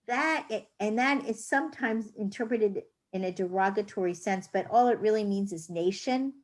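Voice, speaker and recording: A woman's voice: mid-range voice, unhurried, dark tone. A woman teaching a reading class, patiently sounding out words and explaining rules. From United States.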